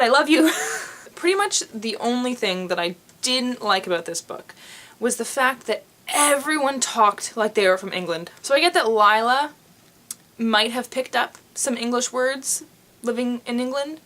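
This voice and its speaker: A woman's voice: on the high side, normal speed, a bit bright. A woman from North America giving a casual, chatty book review to camera, talking expressively with frequent ums. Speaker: book vlogger.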